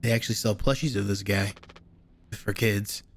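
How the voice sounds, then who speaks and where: A man's voice: fairly low pitch, steady tone, moderate pace, music in the background. A man doing casual let's play commentary, offhand and muttering as he reads on-screen text. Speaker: gaming YouTuber.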